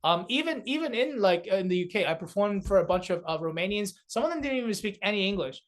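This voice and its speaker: A man's voice: high-pitched, expressive, fast talker. A young man from South Korea, a comedian, chatting casually in an interview, loose and rambling with lots of fillers. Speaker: comedian guest.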